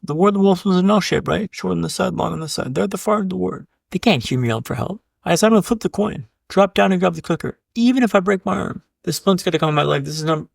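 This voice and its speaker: A keynote speaker appearing as a podcast guest tells a dramatic story in punchy, repeated beats, often calling the host by name and swearing casually. His voice is a little high and gravelly, captured in a dry, studio-quality recording.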